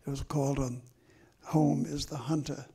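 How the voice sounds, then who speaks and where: An older man, a memoir author, telling stories from his life slowly and reflectively at a live talk on stage. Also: mid-range voice, level tone, dark tone, breathy edge. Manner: slow and reflective, with drawn-out pauses. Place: stage event before an audience.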